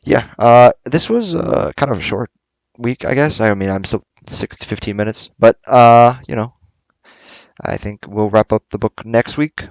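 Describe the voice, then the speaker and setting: A man's voice: medium pitch, normal speed, darkish tone, no room sound. A young man hosting a casual book club talk, rambling and hesitant with many fillers and restarts.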